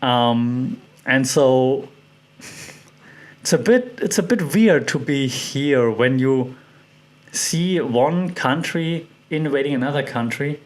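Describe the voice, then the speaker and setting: A man's voice: mid-range voice, animated, slow. A man hosting a solo podcast, thinking aloud with many fillers and restarts and putting questions to his listeners. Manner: curious, puts questions to listeners. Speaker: podcast host. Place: lives in Thailand.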